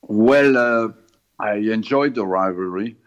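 A former football manager, not a native English speaker, answers radio interview questions slowly with many pauses and fillers. His voice is lowish, heard over a muffled, lo-fi line.

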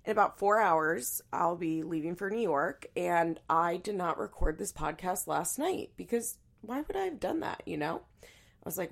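Hoarse, stuffy-nosed woman podcast host. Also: on the low side, expressive, moderate pace. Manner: chatty, laughs often, many fillers and restarts. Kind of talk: casual solo podcast chat.

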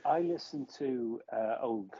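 A man's voice: mid-range voice, takes it slowly, mellow, husky, dry recording. A man co-hosting a podcast over a video call, agreeable and hesitant, often restarting his sentences. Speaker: podcast co-host. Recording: dry lo-fi video call audio.

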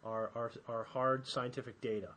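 A man's voice: mid-range voice, level tone, normal speed, a crowd in the background. A man co-hosting a casual podcast, joking and rambling through banter with his co-host. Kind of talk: casual chat.

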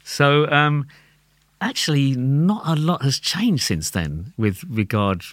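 This London-accented tabla player is a guest in a casual conversation, animated, quick to laugh, and prone to repeating words while he thinks. His mid-range voice comes through clean studio sound with no room tone.

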